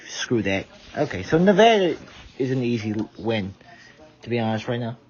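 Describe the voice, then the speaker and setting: A man's voice: lowish voice, fairly even intonation, moderate pace, a little mellow. A tired man giving rambling casual live commentary, stumbling over his words. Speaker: vlogger. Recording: dull lo-fi audio.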